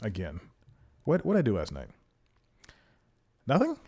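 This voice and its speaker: A man's voice: fairly low pitch, normal speed, darkish tone. Rambling laid-back podcast host, man. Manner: rambling, self-interrupting, laughs at himself. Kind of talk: casual solo podcast chat.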